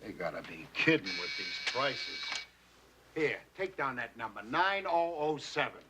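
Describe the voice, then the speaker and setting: An actor playing a gruff, shrewd studio boss who trades wisecracks on the phone. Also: male voice, medium pitch, big pitch swings, unhurried, heavy background noise.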